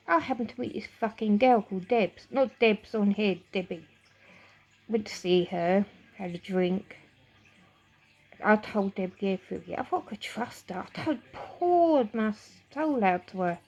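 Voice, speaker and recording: A woman's voice: medium pitch, unhurried, a little mellow, dull audio. A middle-aged woman telling a painful personal story to camera, emotional and rambling, with swearing and frequent restarts. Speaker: vlogger.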